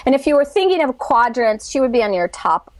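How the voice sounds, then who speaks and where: A woman's voice: high voice, big pitch swings, fairly quick, no echo. A woman guest in an interview, talking in a chatty, enthusiastic way and acting out little quotes as she explains. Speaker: guest expert. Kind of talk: animated interview talk.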